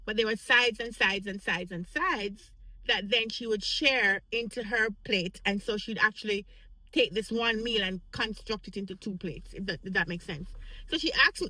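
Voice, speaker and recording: A woman's voice: on the high side, a little fast, dry recording, low-quality recording. A woman vlogger telling a casual work story, acting out the voices of the people in it. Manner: animated, acts out quoted voices.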